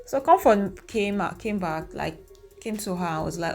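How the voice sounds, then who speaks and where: A young woman, recapping events to her viewers in an animated, opinionated way. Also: on the low side, measured pace, creaky, soft background music. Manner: animated, opinionated retelling with acted quotes. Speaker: reaction vlogger. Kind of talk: casual recap talking to viewers.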